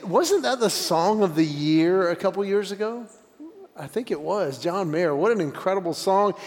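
A stand-up comedian in his forties spins family stories and jumps into character for the dialogue. His voice sits high for a man. It rings out into a big reverberant auditorium with a long decay. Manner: animated, acts out dialogue with voice shifts. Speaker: guest speaker, stand-up comedian. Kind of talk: stand-up storytelling. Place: church auditorium.

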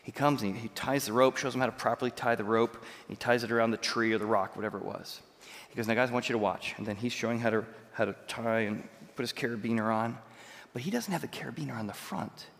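A man preaching a sermon as pastor, telling stories with lively swings between loud and quiet. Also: mid-range voice, quick pace, vocal fry, long reverb tail. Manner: animated storytelling, jumps between loud and soft.

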